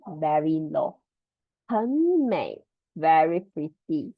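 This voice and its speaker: A woman teaching a Mandarin lesson over a video call, drilling tones slowly and patiently. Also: on the low side, creaky, no room sound. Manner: slow, patient drilling of tones, repeating words. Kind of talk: online language lesson. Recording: dull lo-fi video call audio.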